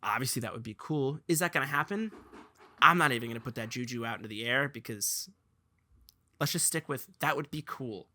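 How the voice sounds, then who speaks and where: A young man hosting a casual podcast chat, telling stories with lively, laughing energy. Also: medium pitch, fairly quick. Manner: animated storyteller, laughs while telling. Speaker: podcast host.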